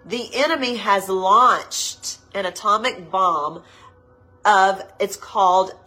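A woman preaching a livestreamed sermon to women, her nose stuffed up, slow and emphatic, repeating her points with passion. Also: medium pitch, bright, forceful tone, low-quality recording.

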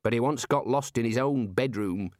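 A man's voice: mid-range voice, moderate pace, a little mellow, no room sound, close to an everyday voice. A man voicing a dry, sardonic male wizard dean.

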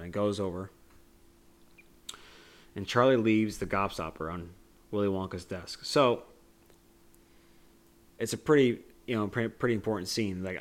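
A man co-hosting a podcast, discussing a movie in a rambling, casual way with many fillers. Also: lowish voice. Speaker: podcast co-host.

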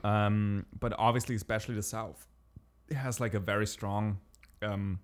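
A man's voice: fairly low pitch, normal speed. A young man from Germany, talking casually in English, his second language. He tells stories with energy and acts out the lines of the people he is quoting. He swears freely. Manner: animated storyteller, swears, acts out quotes. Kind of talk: casual chat.

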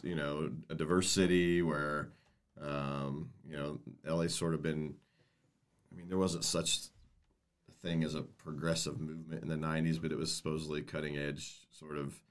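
A man co-hosting a casual podcast discussion, talking in halting bursts and repeating words as he starts each thought. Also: extremely low pitch. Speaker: co-host, former prosecutor.

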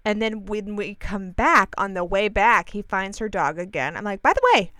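A woman's voice: mid-range voice, moderate pace, no echo. A young woman telling a long story to her listeners in a casual, chatty way, acting out what people said and correcting herself as she goes. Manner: chatty, animated, acts out quoted dialogue, frequent fillers and self-corrections.

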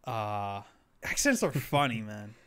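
Smooth-voiced young man, hesitant chat. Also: on the low side, very animated, slow pace. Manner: hesitant, many restarts and fillers, laughs easily. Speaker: podcast co-host. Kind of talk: casual chat.

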